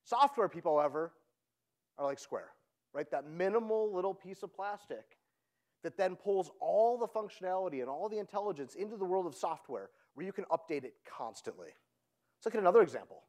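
A man giving an energetic conference keynote, often checking in with the audience by asking "right?". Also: sits high, a little fast. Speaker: conference speaker. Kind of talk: keynote talk.

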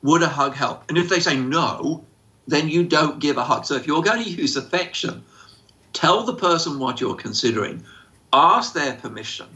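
A man's voice: on the high side, expressive, normal speed, pushed and bright. A man who answers questions as an autism expert, speaking informally with many fillers and acting out quoted voices. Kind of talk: informal explanatory talk. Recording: slightly dull lo-fi sound.

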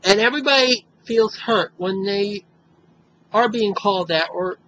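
A man's voice: high-pitched, a little slow, sharp tone, slight background noise, low-quality recording. A man speaking straight to camera in an upset, angry advocacy monologue, emphatic and repetitive. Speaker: video blogger.

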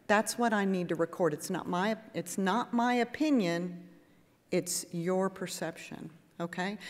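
A woman nurse practitioner giving a lively, conversational lecture to a patient audience and acting out exchanges with patients. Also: medium pitch. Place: conference hall with audience. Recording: echoey hall.

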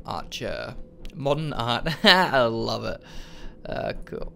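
Young man, gaming commentary, jokey, excitable, gravelly, lively pitch. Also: unhurried, a little hiss or hum. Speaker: let's play host.

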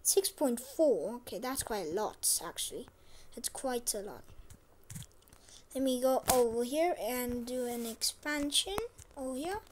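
A woman's voice: a little high, expressive, a little slow, noisy background. A woman hosting a gaming channel, chatting casually over a farming game and repeating short phrases to herself. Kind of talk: casual gameplay commentary.

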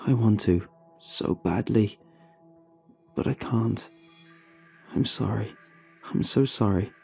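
A man's voice: medium pitch, moderate pace, mellow, soft background music, natural voice. A man voicing Casey, a terrified young woman. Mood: pleading. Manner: trembling, pleading. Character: frightened young woman fleeing in terror.

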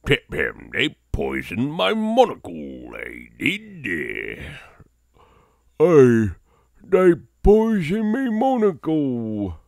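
A man voicing a gruff rustic Englishman in a gravelly put-on voice, drawling and exaggerated. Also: mid-range voice, huge pitch swings, extremely slow, dry recording, clean studio sound, voice pushed up, exaggerated voice. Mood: comic outrage.

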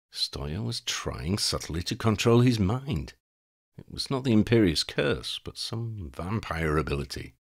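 A man narrating a fan fiction audiobook chapter in an expressive, dramatic storytelling style. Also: sits low. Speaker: audiobook reader.

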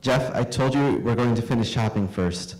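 A man's voice: mid-range voice, moderate pace, noisy background, close to an everyday voice. A man voicing an exasperated mother who scolds her son in clipped lines. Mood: scolding. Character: exasperated mother, stern and fed up.

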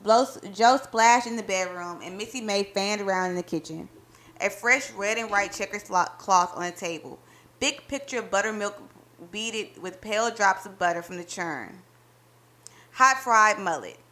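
A woman reading a short story aloud in calm, measured narration. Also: medium pitch.

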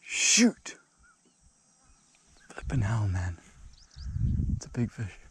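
Excitable young man fishing outdoors. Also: medium pitch, moderate pace. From Zimbabwe. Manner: excitable, exclaims and drops to murmurs. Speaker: angler vlogger. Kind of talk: casual outdoor fishing vlog. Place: outdoors at a small dam. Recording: outdoor recording with faint background noise.

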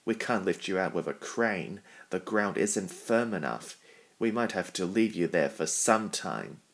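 A stern, portly railway boss, as a man reads him in a storybook. He sounds measured and deep, weighing every word slowly. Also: lively intonation. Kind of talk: storybook reading.

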